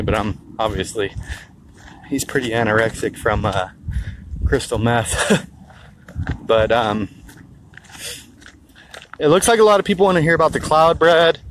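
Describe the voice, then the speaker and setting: A man's voice: on the high side, a little hiss or hum, low-quality recording. Rambling man vlogging into a phone. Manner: rambling, profane, storytelling. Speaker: health vlogger. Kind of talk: casual vlog monologue. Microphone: handheld phone held low.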